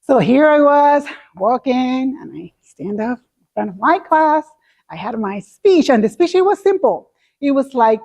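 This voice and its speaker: Woman speaker with a Spanish accent, slightly high pitch, animated and expressive while telling a story. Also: measured pace. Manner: animated, acts out her own past reactions. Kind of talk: storytelling talk.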